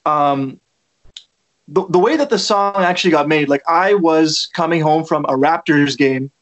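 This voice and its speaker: A man chats loosely as the guest in a relaxed interview. His voice sits a little above the usual male range. He rambles with plenty of fillers. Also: a little high, a little slow. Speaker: musician guest. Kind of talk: casual interview chat. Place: lives in Toronto.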